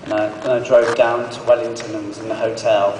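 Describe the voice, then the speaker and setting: A male actor on a convention panel, telling an animated story and acting out the quotes. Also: on the low side, brisk. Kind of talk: anecdote told to an audience. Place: large convention hall. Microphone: phone recording from the audience. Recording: echoey hall from far off, faint noise.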